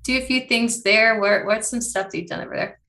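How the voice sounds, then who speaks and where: A woman hosting an interview, friendly, with quick affirmations and laughs. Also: fairly high pitch, steady tone, sharp tone. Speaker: podcast host. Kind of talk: casual interview.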